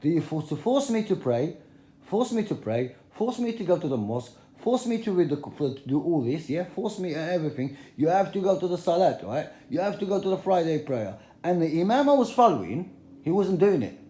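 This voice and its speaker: A man's voice: fairly high pitch, sing-song, fairly quick, warm tone. Man ranting plainly in echoey room. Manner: confrontational, repetitive, plain-spoken. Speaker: video blogger. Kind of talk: direct-to-camera religious rant.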